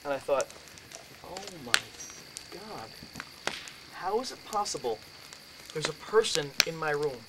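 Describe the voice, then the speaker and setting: A man giving a storytelling lecture, animated and acting out the dialogue as he goes. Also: a little high, a little slow, long pauses, very noisy. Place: lecture room.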